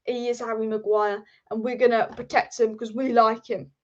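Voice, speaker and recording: A high-pitched woman rants about football on her own livestream, heated and punchy, hammering each point home with repetition and the odd swear. Her voice comes through a home mic with slightly dull, lo-fi stream audio. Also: level tone, moderate pace. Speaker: football channel host. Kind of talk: livestream rant.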